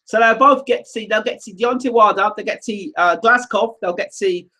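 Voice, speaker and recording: Male livestream host, very high voice, animated and teasing, chatty. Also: a little fast. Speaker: live show host reading viewer comments. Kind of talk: casual livestream chat.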